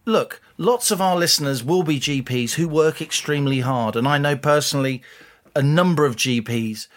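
A man's voice: a little high, moderate pace. A man, co-hosting a podcast and talking in a blunt, exasperated way. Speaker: podcast co-host. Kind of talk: opinionated casual chat.

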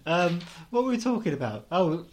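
A man's voice: sits high, sing-song, normal speed, a little hiss or hum. A man, co-hosting a podcast in chatty, teasing casual chat. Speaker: podcast co-host.

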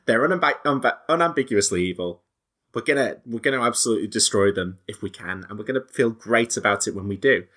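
A man chatting casually about a movie, animated and stumbling over restarts as he acts out lines. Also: lowish voice, fast talker. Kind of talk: casual podcast film discussion.

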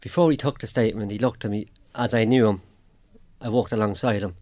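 Irish man, radio interview guest, low voice, plain storytelling, repeats what others said. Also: fairly even intonation, a little fast, darkish tone. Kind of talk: personal account in a radio interview.

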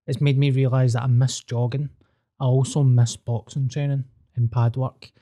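A man's voice: medium pitch, little pitch movement, moderate pace, warm tone. A man with a Scottish accent, hosting a podcast and telling stories in casual, sweary chat. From Scotland. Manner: sweary, storytelling, laughs easily. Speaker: podcast host.

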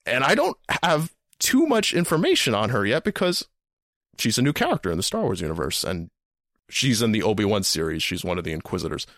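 A man's voice: lowish voice, very animated, fairly quick, fairly bright tone, no room sound, clean studio sound. A man hosting a podcast, telling a story in a rambling, casual way, repeating words and swearing now and then. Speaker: podcast host.

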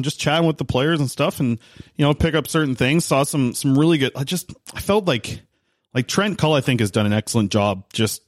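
A man's voice: mid-range voice, no room sound, clean studio sound. Rambling man chatting hockey. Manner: rambling storyteller with many restarts. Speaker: podcast co-host, hockey reporter. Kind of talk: casual sports podcast chat.

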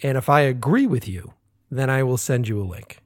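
An American man, a filmmaker, chatting casually on a podcast, animated, swearing often and laughing. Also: medium pitch, moderate pace, no echo, studio quality. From United States. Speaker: filmmaker guest.

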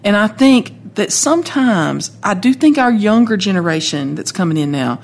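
Husky, talkative woman. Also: medium pitch, moderate pace. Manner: lively, talkative, animated storyteller. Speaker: country music artist guest. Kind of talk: casual storytelling chat.

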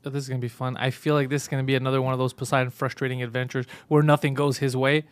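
A man's voice: medium pitch, little pitch movement, smooth, dry recording. A man co-hosting a podcast, teasing his friend in casual banter, often mimicking him. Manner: fast, teasing, mocking impressions. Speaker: podcast co-host.

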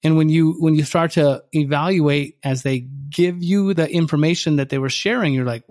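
Male podcast co-host coaching contractors, loose rambling delivery, voice pitched a bit high. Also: moderate pace, hardly any pauses, a little mellow. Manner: rambling, many fillers and restarts. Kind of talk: casual podcast conversation.

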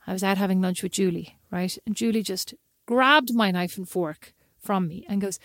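A woman co-hosting a casual chat show, telling self-deprecating stories in an animated way. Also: mid-range voice, moderate pace, few pauses, no room sound, studio quality. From Ireland. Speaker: podcast co-host.

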